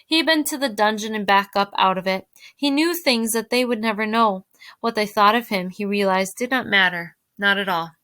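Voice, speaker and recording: With a mid-range voice at a normal speed, a woman teacher expressively reads a novel to her fifth graders, addressing them directly. The recording is dry.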